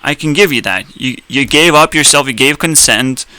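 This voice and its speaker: A man's voice: medium pitch, moderate pace, pushed and bright, no room sound, low-quality recording. A young man ranting in a blunt, sarcastic way, swearing often and laughing at his own jokes. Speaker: streamer. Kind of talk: profane ranting commentary.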